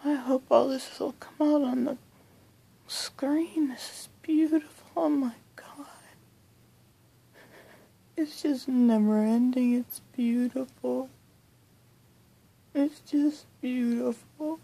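Middle-aged woman, husky half-whisper, slow and tender cooing, bedroom at night. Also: high voice, steady tone, warm tone. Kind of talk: soft-spoken recorded monologue.

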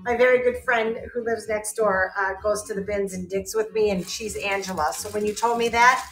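A woman's voice: mid-range voice, fairly even intonation, moderate pace, heavy background noise. A woman hosting a live online clothing sale, chatting casually and calling out item sizes, often laughing. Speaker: live-stream seller host.

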